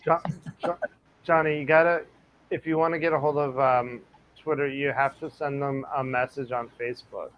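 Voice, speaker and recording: A man's voice: mid-range voice, fairly even intonation, normal speed, muffled recording, a little hiss or hum. A man chatting casually on a podcast, dry and teasing. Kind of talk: casual chat.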